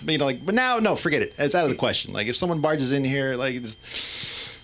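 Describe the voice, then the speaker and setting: Animated, self-deprecating man in his forties. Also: medium pitch, a little fast, a little hiss or hum. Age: 40s. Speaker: comedy show host. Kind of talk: stand-up hosting. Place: small comedy club stage.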